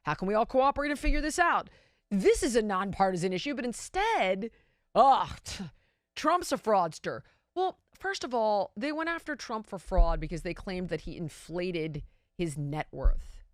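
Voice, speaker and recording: A woman's voice: medium pitch, sing-song, moderate pace, no echo, clean studio sound. Emphatic woman giving political commentary. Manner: emphatic, exasperated, asks rhetorical questions. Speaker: show host.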